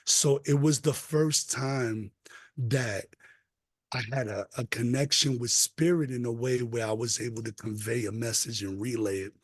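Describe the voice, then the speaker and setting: A man's voice: medium pitch, unhurried, no room sound, clean studio sound. A man on a podcast telling a personal story in an earnest, emphatic, casual way. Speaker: podcast guest.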